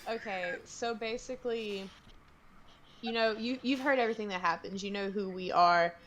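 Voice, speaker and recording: A woman's voice: mid-range voice, moderate pace, a bit bright. Woman player in a tabletop game.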